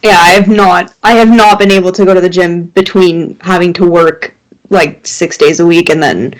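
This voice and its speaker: A young woman co-hosting a podcast, telling stories in an animated way and laughing a lot. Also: fairly low pitch, moderate pace, rough recording. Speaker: podcast co-host. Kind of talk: casual chat.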